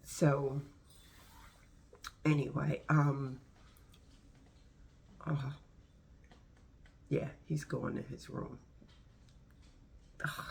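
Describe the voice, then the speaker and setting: A woman's voice: rumbling low, flat delivery, very slow, creaky, long pauses, a little hiss or hum. A woman telling a story casually to her video camera at home, chatty and rambling with frequent asides. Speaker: vlogger.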